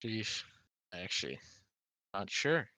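A man co-hosting a podcast, answering quiz questions in casual chat, blunt and quick to swear and laugh. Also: on the low side, sing-song, bright, forceful tone, no echo. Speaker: podcast co-host.

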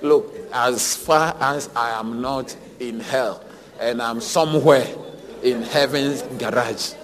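A man preaching a sermon as pastor, swinging between hushed lines and loud, emphatic repeated phrases. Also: medium pitch, slow. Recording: long hall reverb.

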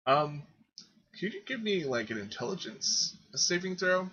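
A man running a tabletop game as game master, relaxed and halting, with fillers. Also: sits high, husky, dull audio.

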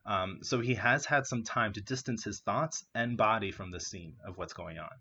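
A man's voice: fairly low pitch, moderate pace, pushed and bright, breathy edge, lo-fi sound. A young man casually discussing a novel, chatty with many fillers, sometimes acting out quotes. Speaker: discussion partner.

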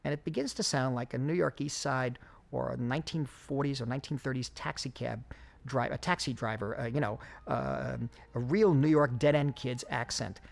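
A man giving a film commentary track, talking in halting runs full of fillers and restarts. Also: medium pitch, gravelly. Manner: halting, many fillers, quick bursts.

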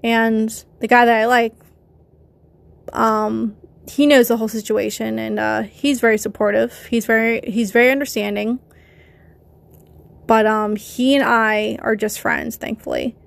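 A person with a feminine voice hosting a confessional solo podcast, talking haltingly with many restarts and addressing listeners directly. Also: female voice, on the high side, level tone, gravelly. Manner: conflicted, rambling, talks to listeners. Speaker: podcast host.

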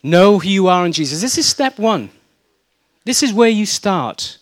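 A man's voice: sits high, unhurried, no echo. A middle-aged man from South Wales with a Welsh accent, preaching a sermon and telling stories with humor and mimicry. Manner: lively storytelling with mimicry and humor.

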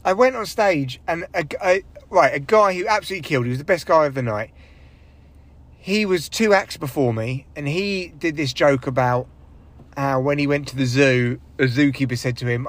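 A man's voice: fairly high pitch, moderate pace. A young man, a stand-up comedian, talking in a casual solo podcast monologue, rambling, swearing and running himself down. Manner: rambling, sweary, self-deprecating, with big vocal swings when acting out others.

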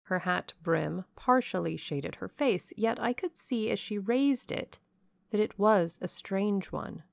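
A woman reading a classic novel aloud as an audiobook narrator, in a measured, even way. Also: mid-range voice, vocal fry, dry recording. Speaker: audiobook reader.

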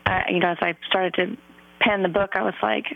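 A woman's voice: mid-range voice, fairly even intonation, a little fast, gravelly, no room sound. Earnest woman guest over a phone line. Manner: earnest, reflective, faith-centered, many fillers. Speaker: podcast guest, author and singer. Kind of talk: heartfelt personal storytelling in an interview.

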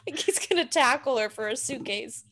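A woman's voice: high-pitched, expressive, fairly quick, fairly bright tone. A woman co-hosting a podcast, chatting casually about a reality show and giving blunt opinions. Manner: blunt opinions, frequent laughter. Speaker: podcast co-host. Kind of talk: casual reality-TV recap chat.

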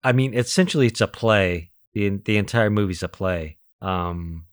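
A man's voice: fairly low pitch, moderate pace, no room sound, studio quality. A man co-hosting a podcast, thinking aloud as he ranks films in a casual chat and laughing easily. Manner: thinking aloud with fillers and restarts, easy laughs. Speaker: podcast co-host. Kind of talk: casual movie-ranking chat.

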